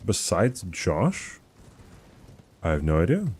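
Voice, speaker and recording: Streamer, male, very low and mellow voice; loose, slangy, rambling stream chat into a home mic. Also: wildly swooping pitch, takes it slowly, breathy edge. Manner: laid-back, slangy, rambling. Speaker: livestreamer answering chat.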